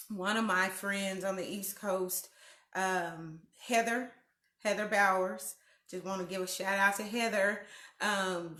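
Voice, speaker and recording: Slow, chatty woman hosting from home. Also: medium pitch, fairly bright tone, reverberant. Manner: chatty, greets viewers by name, slow and drawn out. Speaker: host of a weekly live video chat. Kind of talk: casual live-stream chat. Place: living room at home.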